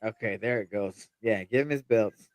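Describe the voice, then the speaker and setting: A man's voice: lowish voice, moderate pace, no echo. A man co-hosting a live fight watch-along stream, chatting casually, swearing and calling people bro. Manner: animated, says bro a lot, swears freely.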